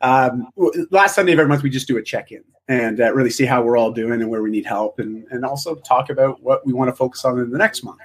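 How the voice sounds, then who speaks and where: A man's voice: mid-range voice, steady tone, a little fast, few pauses, husky. A man being interviewed, speaking in a reflective, encouraging way with frequent restarts. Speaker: interview guest. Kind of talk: casual interview chat.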